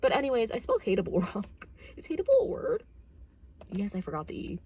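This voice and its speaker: A woman's voice: mid-range voice, huge pitch swings, fast talker, warm tone, breathy edge. A young woman vlogging, chatting casually about a film and book, rambling with lots of fillers and jokey asides.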